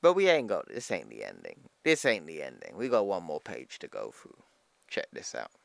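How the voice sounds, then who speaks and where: This comic book channel host has a rumbling low, gravelly voice with huge pitch swings, speaking at normal speed with no room sound. He recaps a comic storyline chattily over faint music, calling viewers "people" and repeating dialogue plainly.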